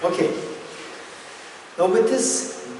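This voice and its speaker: A man's voice: takes it slowly, darkish tone, far from the mic, slight background noise. A male Buddhist teacher giving an interactive dharma lesson, questioning his audience and repeating key points for emphasis. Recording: echoey hall recorded from afar.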